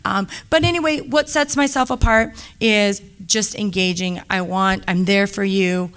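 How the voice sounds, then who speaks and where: Woman, diner owner, panel talk, chatty, lively storytelling, average pitch. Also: a little slow. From Montana. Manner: chatty, animated storytelling with quoted voices. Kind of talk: panel talk to a live audience.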